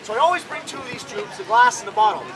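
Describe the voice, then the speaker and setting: Male comic magician, high voice, bantering live outdoors over a noisy crowd. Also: expressive, fast. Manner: joking, banters with the audience. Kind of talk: live stand-up magic act. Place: outdoor fair stage. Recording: loud crowd around an outdoor show.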